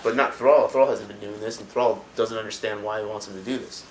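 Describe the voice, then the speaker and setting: A man with a low voice retells a story casually, loose and rambling, with plenty of fillers. He records on a camera mic in a room with noticeable echo and faint background noise. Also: fairly even intonation, brisk. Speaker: lore storyteller.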